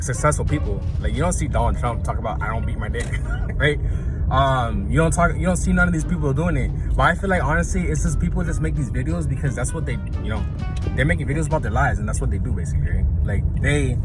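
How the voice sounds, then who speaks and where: A man's voice: medium pitch, noisy background. A young man hosting, talking in a loose, slangy casual monologue and laughing often. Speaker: podcast host.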